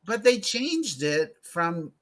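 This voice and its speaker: Male host for a movie club chat: campy, sarcastic, gossipy, bright and lively. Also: high-pitched, takes it slowly. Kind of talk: casual movie review chat.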